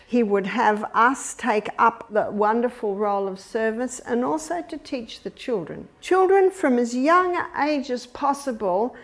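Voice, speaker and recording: An older woman, a grandmother, giving an earnest, instructive Christian talk on raising children. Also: a little high. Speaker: parenting speaker.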